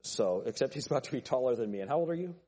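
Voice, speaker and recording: A middle-aged male pastor gives a folksy sermon in a church, cracking jokes with the people in the pews. His voice is husky and mellow, and his pitch swings up and down a lot as he talks. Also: expressive, rapid-fire. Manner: folksy, joking with the congregation. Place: church sanctuary.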